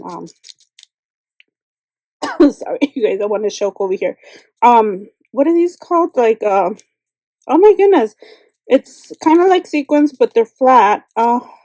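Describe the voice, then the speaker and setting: A woman's voice: a little high, dark tone, no echo, low-quality recording. A woman hosting a craft channel, unboxing a gift in a casual vlog, gushing and exclaiming often with plenty of fillers.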